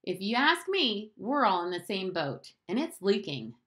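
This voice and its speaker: A woman's voice: mid-range voice, very animated, a little slow, a bit bright. A woman voicing an indignant nine-year-old boy who whines and insists on answers. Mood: pleading. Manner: whiny, insistent questioning.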